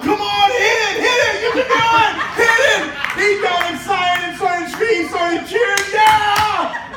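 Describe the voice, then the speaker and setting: A man's voice: extremely high pitch, echoey room, far from the mic, background noise. A man preaching a sermon as pastor, telling a story and building to emphatic preaching. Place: church sanctuary.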